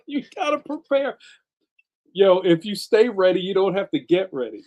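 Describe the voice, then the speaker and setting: A man's voice: sits high, big pitch swings, moderate pace, darkish tone, highs cut off. A man hosting a casual livestream, a cartoonist telling rambling stories full of slang, laughing often and reading out viewer comments.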